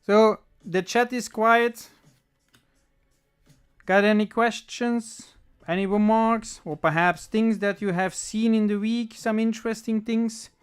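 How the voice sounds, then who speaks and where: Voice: mid-range voice, fairly even intonation, slow, smooth. A livestream host chatting casually with viewers while opening trading card packs, thinking aloud and reading the chat. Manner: thinks aloud with small self-corrections.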